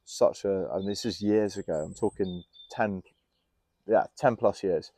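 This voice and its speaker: A young man with a fairly low voice talks through candid stories in a relaxed podcast chat. He speaks with animation and laughs easily as he makes his points. The sound is close and dry, recorded outdoors in a garden. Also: measured pace, dry recording. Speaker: health and fitness coach, guest. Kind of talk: casual podcast conversation.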